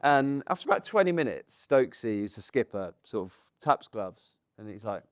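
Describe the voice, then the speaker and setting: Man telling a lively story live. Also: medium pitch, brisk, few pauses, no echo, studio quality. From England. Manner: lively anecdote-telling with acted-out quotes and laughter. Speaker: podcast co-host telling a cricket story. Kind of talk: animated storytelling to a live audience. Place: stage in front of a live audience.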